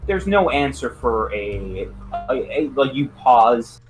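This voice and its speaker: A man's voice: mid-range voice, very animated, takes it slowly, faint music behind. A man narrating as game master, describing scenes in a loose, hesitant way.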